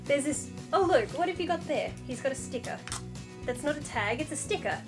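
A woman chatting excitedly as she unboxes parcels at home, gushing over each item and scolding her pet. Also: sits high, fairly quick, music in the background. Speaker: vlogger. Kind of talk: casual unboxing vlog.

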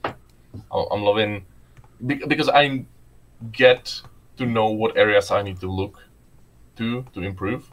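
A man's voice: lowish voice, steady tone, a little slow, long pauses, poor audio. A man whose first language is Czech, chatting casually and playfully, often laughing and restarting his sentences. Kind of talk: casual chat.

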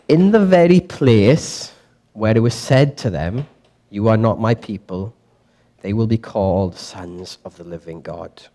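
Young male church teacher, mid-pitched, casual and chatty, quizzes the room. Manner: lively, chatty, quizzes the audience, self-correcting.

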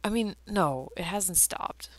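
A woman's voice: lowish voice, expressive, slow, dry recording. A drunk woman rambling casually as she draws, her speech slurring, often cursing and trailing off into murmurs. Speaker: artist vlogger drawing on camera. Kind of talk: rambling casual commentary while drawing.

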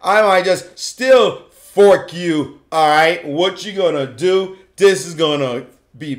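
A man's voice: a little high, takes it slowly, voice pushed down. A man putting on a cocky male chess player who taunts his opponent with swaggering trash talk. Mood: taunting.

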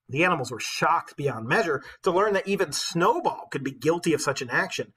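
A male teacher reading a novel aloud with expressive storytelling, pausing to comment for his class. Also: a little high, slightly rough, rough recording.

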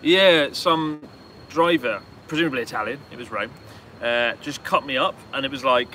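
A man's voice: mid-range voice, normal speed, bright, forceful tone, slight background noise. A man with a British accent, chatting casually as a guest and teasing with dry, mocking banter while walking city streets at night. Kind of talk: casual chat.

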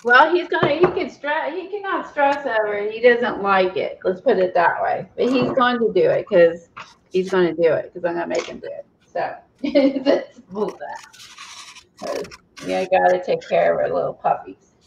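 A woman's voice: medium pitch, animated, moderate pace, gravelly, lo-fi sound, a little hiss or hum. A woman hosting a craft video, chatting casually while she paints, rambling and restarting her thoughts, recorded on a camera mic from below. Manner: rambling, trails off, many restarts. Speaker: craft channel host.

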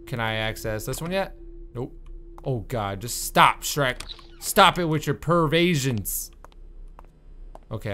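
A man doing let's-play commentary on a horror game, exasperated and swearing, with sudden loud outbursts. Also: mid-range voice, slight background noise. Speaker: gaming YouTuber.

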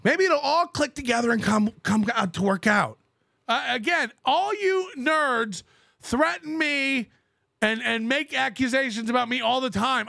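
High, gravelly man ranting on a livestream. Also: sharp tone, no echo, studio quality. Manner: mocking, swearing, laughing at his critics. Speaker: livestream show host.

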